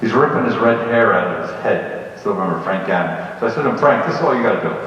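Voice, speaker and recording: A man's voice: on the low side, fast talker, a little hiss or hum. Blunt New York man in echoey hall. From the Bronx, New York. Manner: blunt, animated retelling with acted quotes. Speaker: retired police lieutenant speaking to students. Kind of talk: storytelling talk. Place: large school hall. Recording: echoey hall, from far off, dull.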